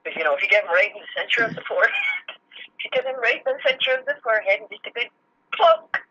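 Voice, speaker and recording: A woman's voice: a little high, wildly swooping pitch, fast talker, pushed and bright. A woman on a video call, chatting bluntly and joking with feeling as an interview guest. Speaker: interview guest, film crew member. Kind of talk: casual interview chat. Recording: muffled phone-like line.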